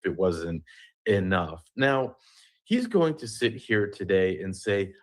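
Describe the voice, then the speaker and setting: A man with a lowish voice narrates a commentary video with sarcasm and theatrical flair. He builds up each point and then undercuts it with snark. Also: lively intonation, slow pace.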